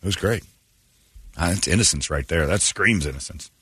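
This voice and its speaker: A man hosting a morning radio show, telling stories in animated casual banter. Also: low-pitched, normal speed, breathy edge, dry recording, studio quality. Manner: animated storytelling with quoted voices.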